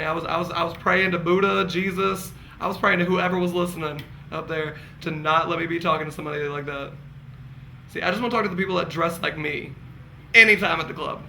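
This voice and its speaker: A man's voice: fairly high pitch, gravelly, pushed and bright, slight background noise, poor audio. A man telling candid, campy stories to friends as a casual vlog, laughing often. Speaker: vlogger. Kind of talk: casual gossipy storytelling.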